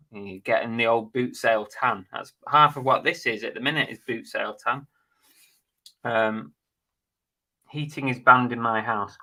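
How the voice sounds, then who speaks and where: Bright-voiced chatty man. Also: mid-range voice. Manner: chatty, blunt, jokey, swears casually. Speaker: live stream host. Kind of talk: casual live stream chat reading viewer comments.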